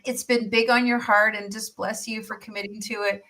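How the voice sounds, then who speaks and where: Woman host, effusive and upbeat; voice bright and a touch high. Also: little pitch movement, a little fast, low-quality recording. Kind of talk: enthusiastic promotional interview talk.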